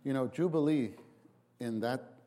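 A man preaching a sermon, halting and repeating himself, then acting out quotes with sudden big jumps in voice. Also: mid-range voice, mellow. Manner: halting restarts, repeats words.

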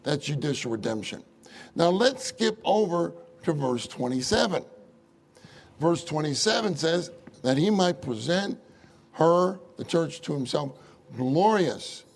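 A man preaching a sermon in an animated way, often asking the audience rhetorical questions and chuckling through his stories. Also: a little high. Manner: chuckles often while telling anecdotes.

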